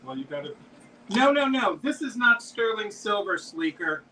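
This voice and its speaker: A man's voice: high voice, very animated, moderate pace, bright, forceful tone, far from the mic, a little hiss or hum, poor audio. A man hosting a live-stream jewelry auction, chatting as he describes pieces and calls out bids. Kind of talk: live auction selling chat.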